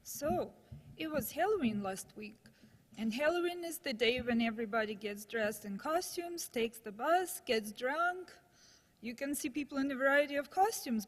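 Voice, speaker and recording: Woman, high voice, live storytelling, wry anecdotes, long hall reverb. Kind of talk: live true-story telling. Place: stage in a hall.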